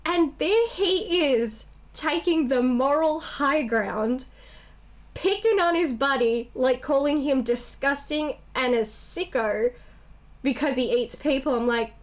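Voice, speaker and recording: A young woman co-hosting a casual movie review chat, animated and blunt, acting out characters' lines as she talks. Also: high voice, slow. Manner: animated, acts out characters' lines, swears freely. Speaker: co-host.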